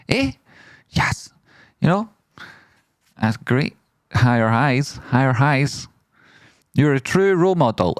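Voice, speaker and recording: A man hosting a trading livestream, bouncing between playful shout-outs to viewers and quick remarks on trades. His voice sits at an ordinary middle pitch, and the sound is close and dry with almost no room around it. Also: dry recording. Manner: excitable, jokey, rapid shout-outs with playful exclamations. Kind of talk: lively livestream chat, reading out members and donations.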